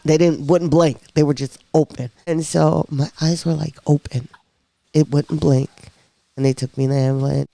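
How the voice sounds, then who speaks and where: A woman on a podcast telling her own story in a casual, lively way, acting out the voices of people she quotes. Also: deep voice, normal speed, vocal fry, no room sound.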